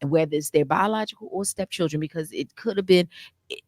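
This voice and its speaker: A woman with a slightly low voice hosts a faith-based radio talk. She speaks in an encouraging, preacherly way, and her voice is recorded close and dry. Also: fast talker, darkish tone, no room sound. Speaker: radio show host.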